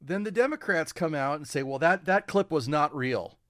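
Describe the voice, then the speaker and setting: A man co-hosting a podcast in casual political chat, halting and restarting often as he swears his way through his points. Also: a little high, expressive, fairly bright tone, dry recording, studio quality. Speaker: podcast co-host.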